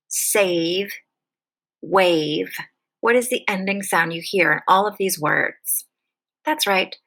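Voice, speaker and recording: Slow, patient woman teaching phonics. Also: medium pitch, gravelly, sharp tone, low-quality recording. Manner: patient, enunciating, drawn-out letter sounds. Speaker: kindergarten teacher. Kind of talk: slow, clear classroom phonics lesson.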